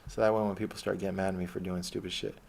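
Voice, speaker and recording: A young man delivering a profane, sarcastic, rambling rant to camera, swinging between loud outbursts and low mutters. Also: flat delivery, very fast, gravelly. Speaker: vlogger. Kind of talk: ranting monologue to camera.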